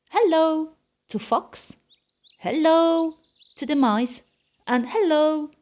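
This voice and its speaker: A woman reading a picture book aloud in an animated, expressive storytelling voice. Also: high voice. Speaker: storybook reader.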